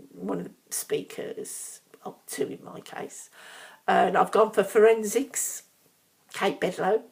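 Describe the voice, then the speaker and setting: She's a middle-aged vlogger from Birmingham whose medium-pitched voice is gravelly and whose accent is Brummie. Her casual monologue is frank and rambling, peppered with ums and asides.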